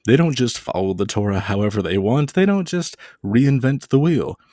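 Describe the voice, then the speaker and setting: A man's voice: mid-range voice, animated, normal speed, a little mellow, no echo, clean studio sound. A man giving a casual video lecture, dropping playful jokes and mock-scary asides.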